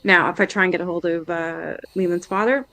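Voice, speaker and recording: A woman's voice: on the low side, steady tone, brisk, a bit bright. A woman from Canada hosting a casual video-call chat, speaking bluntly with lots of swearing and frequent laughter. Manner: blunt and profane, laughing often. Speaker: host.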